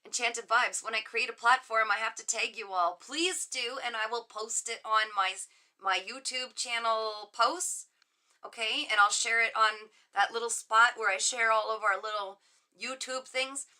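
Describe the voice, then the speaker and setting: A middle-aged woman, a psychic reader, hosts a casual livestream from her home office, reading viewer comments. Her voice is slightly high and fairly even at a moderate pace, and she's effusive and warm, gushing at her viewers and laughing often.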